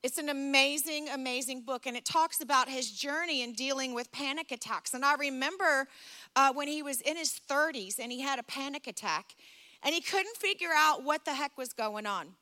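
Woman pastor, sermon delivery, emphatic repetition, high and bright. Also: normal speed. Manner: emphatic, repeats phrases for effect.

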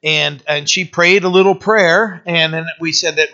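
A man, the pastor, giving a conversational sermon with lively asides and frequent restarts. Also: high voice, normal speed, muffled recording. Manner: casual, animated, many restarts and asides.

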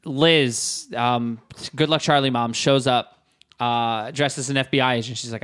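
A man's voice: medium pitch, steady tone, measured pace, fairly bright tone, clear, resonant tone. A man co-hosting a casual comedy podcast, reviewing a movie with friends, joking and laughing often. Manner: jokey, laughs often, acts out quotes. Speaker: podcast co-host.

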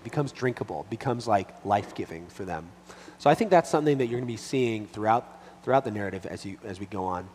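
A man, a pastor with a little boy, teaching from the Bible in a relaxed, conversational way, full of restarts and fillers. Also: medium pitch, breathy edge. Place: church hall. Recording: long reverb, faint hum behind.

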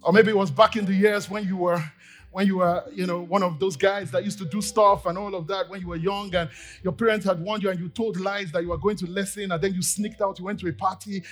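A Nigerian man preaching a sermon in church, acting out little scenes in quoted voices and swinging from loud bursts to quiet asides. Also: high-pitched, steady tone, brisk, soft background music. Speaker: pastor. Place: church service.

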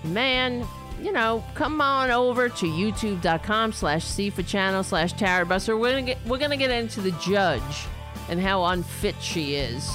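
A woman's voice: mid-range voice, expressive, moderate pace, over music. A middle-aged woman hosting a political commentary show, talking in a blunt, indignant and profane way with frequent restarts.

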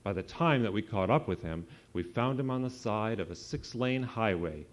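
A man's voice: on the low side, moderate pace. Man reading a rhyming story aloud. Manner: lively sing-song rhyme reading. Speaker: author reading to children. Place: event hall with an audience. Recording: dull lo-fi live recording.

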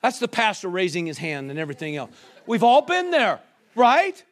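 High-voiced preacher man, rising fervor. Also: wildly swooping pitch, moderate pace. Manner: call-and-response preaching, rhetorical questions, acts out quoted voices. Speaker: pastor. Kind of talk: sermon.

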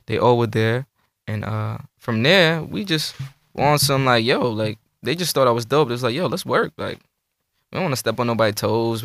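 A man, a rapper guest telling his story in a relaxed, slangy way. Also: mid-range voice, no echo. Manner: relaxed, laid-back recounting with slang. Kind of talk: casual interview chat.

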